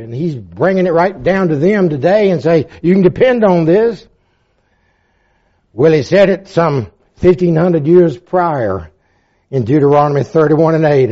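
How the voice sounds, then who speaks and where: High-voiced preacher in his seventies. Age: 70s. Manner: fervent preaching, swinging between loud emphasis and hushed, low reflection; quotes old-fashioned scripture wording. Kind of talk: sermon. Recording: dull lo-fi recording.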